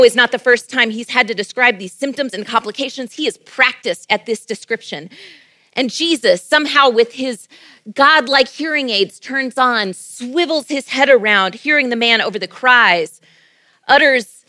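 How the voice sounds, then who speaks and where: A woman's voice: on the high side, expressive, normal speed, sharp tone, no echo. A woman pastor giving a sermon and prayer in a playful, conversational preaching manner. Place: church.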